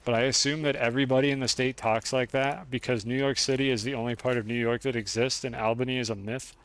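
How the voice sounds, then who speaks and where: A man's voice: mid-range voice, steady tone, quick pace. Chatty, profane male game streamer. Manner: chatty, profane, talks to chat. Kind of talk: casual game-stream commentary.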